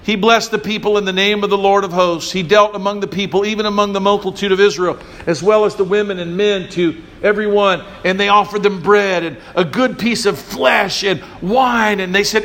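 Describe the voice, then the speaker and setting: A man's voice: sits high, moderate pace, fairly bright tone. A male pastor preaching a sermon, emphatic and drawing call-and-response from the congregation.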